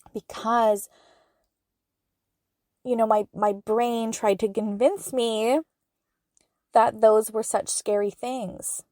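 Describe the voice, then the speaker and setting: A woman's voice: fairly high pitch, dark tone, no echo, clean studio sound. A woman hosting her own podcast as a spiritual medium, talking in an earnest, heartfelt way with plenty of filler words. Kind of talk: casual solo podcast monologue.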